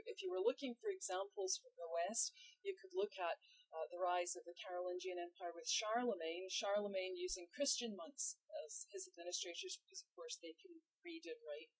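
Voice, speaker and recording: A woman with a Scottish accent chatting through a history lesson in a lively, joking way. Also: mid-range voice, breathy edge. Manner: lively, laughs often, chatty asides. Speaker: history teacher. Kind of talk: casual educational chat. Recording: poor audio with uneven levels.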